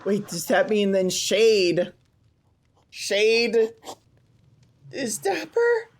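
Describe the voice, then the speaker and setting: A man's voice: high voice, huge pitch swings, very slow. A young man streaming an in-character roleplay on a game server, gasping and exclaiming with joy on a close mic.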